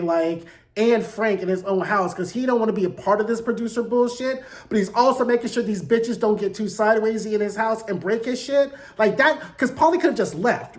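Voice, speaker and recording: Sassy guy in his 40s ranting thru a tv recap, cussing a lot, keeps saying "right?". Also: sits high. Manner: sassy, animated, profane, lots of "like" and "right?". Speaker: TV recap host. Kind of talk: casual review commentary.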